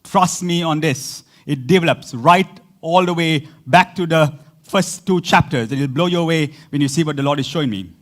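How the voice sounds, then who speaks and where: Animated high-voiced male pastor preaching. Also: normal speed. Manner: animated, repetitive, laughing asides. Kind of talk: sermon.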